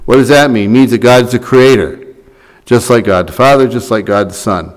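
A man's voice: mid-range voice, moderate pace, poor audio. A man preaching a sermon, reading scripture and then explaining it in a loose, conversational way with asides and restarts.

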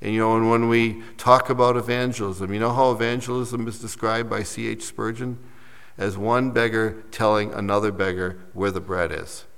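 A lower-voiced man delivers a sermon from the pulpit, building to emphatic peaks and then dropping to quiet, settled endings. His voice rings out with a long hall reverb, as if in a large church sanctuary. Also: steady tone, normal speed, clear, resonant tone. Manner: preaching with rising emphasis and soft drops. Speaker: pastor.

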